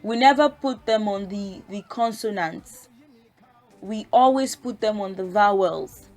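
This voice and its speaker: A woman's voice: mid-range voice, a little slow, darkish tone, faint music behind. A woman teaching a language lesson, patiently explaining step by step and sounding out syllables. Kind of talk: casual spoken lesson.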